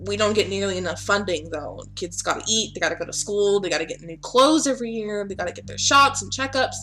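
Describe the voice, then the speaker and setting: A woman's voice: mid-range voice, fast, pushed and bright, close to an everyday voice. A woman voicing an earnest, weary, motherly woman who runs a center for at-risk kids. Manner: earnest, plain-spoken, a little weary.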